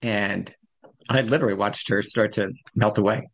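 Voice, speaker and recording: A man's voice: fairly low pitch, fairly even intonation, normal speed, a bit bright. Rambling older man sharing his recovery story. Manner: conversational, rambling storytelling with self-deprecating humor. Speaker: recovery meeting speaker. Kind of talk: personal recovery share.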